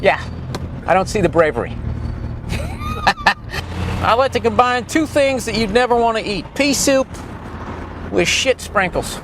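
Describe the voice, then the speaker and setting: A man rambles crudely and sarcastically as he vlogs his way down a city street. His voice sits a touch high and swings widely in pitch. Faint traffic and street sounds run underneath. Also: measured pace, long pauses. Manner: crude, sarcastic, animated riffing. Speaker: vlogger. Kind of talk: profane comedic ramble while riding down a street. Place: outdoors on a city street, moving.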